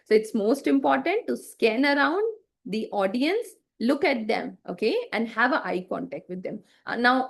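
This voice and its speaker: Higher-pitched woman teaching an online class. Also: creaky. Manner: explains with frequent fillers and check-in questions; acts out bad examples to demonstrate.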